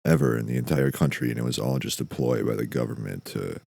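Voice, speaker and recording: A man hosting a podcast, delivering a dry, deadpan, profane comedic monologue. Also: very deep voice, quick pace, vocal fry, breathy edge, no room sound. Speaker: podcast host.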